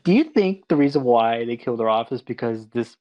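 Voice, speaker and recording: A man's voice: mid-range voice, expressive, a little fast, mellow, muffled recording. A man hosting a casual podcast chat, sarcastic and joking, with plenty of swearing. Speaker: podcast host.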